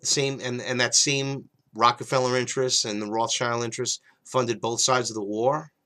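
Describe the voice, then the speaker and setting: A man hosting a talk show, delivering a rambling monologue with a mocking edge, swinging between loud emphatic bursts and low mutters. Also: steady tone, moderate pace. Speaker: show host.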